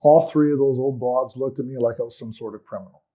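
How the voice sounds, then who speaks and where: Aggrieved man telling his story, mellow. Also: mid-range voice, steady tone, fast. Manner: earnest, aggrieved storytelling with trailing, quiet sentence ends. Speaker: guest. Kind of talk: personal story in a talk-show interview.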